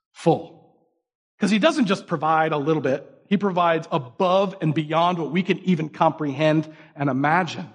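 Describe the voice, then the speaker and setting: A man's voice: on the high side, breathy edge. A man giving a casual, conversational sermon, acting out quoted voices with many fillers. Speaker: pastor.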